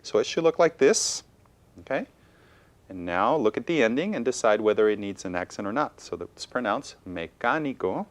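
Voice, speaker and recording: A man's voice: on the low side, animated, a little fast. A man teaching a bilingual televised Spanish lesson, encouraging and checking in with students with frequent okays.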